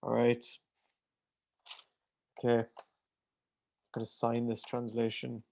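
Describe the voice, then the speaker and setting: A man's voice: medium pitch, monotone, slow pace, vocal fry, a little mellow. A man co-hosting a livestream in tipsy, laid-back casual chat, on dull lo-fi stream audio. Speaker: livestream co-host.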